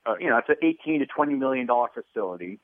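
A man's voice: medium pitch, lively intonation, racing, no room sound. A man speaking as a guest over a tinny phone line, the sound dry and narrow. He talks in a heated, indignant way, pressing his complaints. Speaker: guest, gun rights advocate. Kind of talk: phone interview on talk radio.

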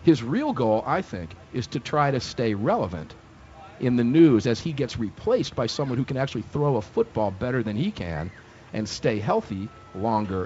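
A man's voice: medium pitch, a little mellow. Opinionated male talk radio host, emphatic and indignant, live from a fair booth. Dull lo-fi broadcast sound.

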